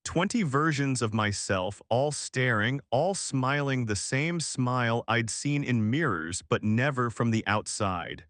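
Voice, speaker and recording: A male narrator reads a first-person horror tale in an unhurried, deliberate voice of middling pitch. The recording is dry and close, with no room sound around him. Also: animated, fairly bright tone, no room sound. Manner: slow, measured storytelling delivery. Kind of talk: scripted horror story narration.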